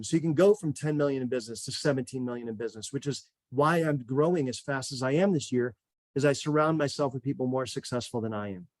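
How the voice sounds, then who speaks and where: A man hosting a real estate webinar, talking in an energetic, repetitive motivational way and a little out of breath. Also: mid-range voice, fast, no echo. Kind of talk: enthusiastic webinar pitch.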